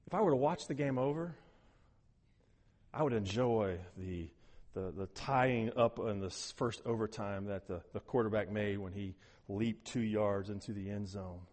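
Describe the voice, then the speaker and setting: A man preaching a sermon as pastor, animated, swinging between hushed, soft passages and loud, emphatic ones. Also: lowish voice, normal speed, big-room sound.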